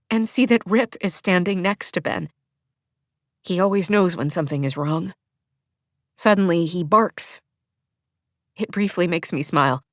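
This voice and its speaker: A woman reading a first-person audiobook, heartfelt and emotional, her voice climbing in pitch as feelings swell. The sound is dry and close, with no room echo around her. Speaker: audiobook narrator.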